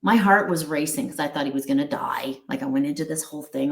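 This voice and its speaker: This middle-aged woman, the founder of a pet wellness company, is an earnest guest in a candid interview. Her voice is low-pitched and fast with few pauses, and the sound is roomy. She rambles, restarts often, and acts out little quotes.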